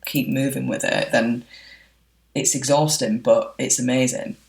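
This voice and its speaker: A woman's voice: a bass voice, steady tone, a little slow, vocal fry, a little mellow, low-quality recording. A woman, a wedding photographer being interviewed, talking in a chatty, reflective way with frequent fillers. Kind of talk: casual interview chat.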